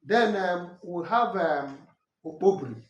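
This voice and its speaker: A man's voice: sits high, expressive, takes it slowly, dull audio. A Nigerian man whose first language is Ikwerre, giving an earnest, corrective talk that explains names and dialect words. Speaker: language and culture teacher. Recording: roomy echo from a distant mic, faint noise.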